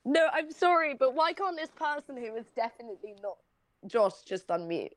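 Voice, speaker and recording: Voice-chat woman with a slight British accent, fairly high and very dry, blunt and sweary. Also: big pitch swings, moderate pace, no echo. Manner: blunt, profane, ranting with restarts. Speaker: voice chat participant. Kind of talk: casual voice chat. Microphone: computer mic in voice chat.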